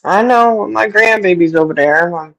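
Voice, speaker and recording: The speaker is a middle-aged woman running a livestream, laughing frequently as she answers viewer questions in casual chat over a streaming setup. Her mid-range voice is gravelly and a little bright, her pace moderate, and the recording low in quality.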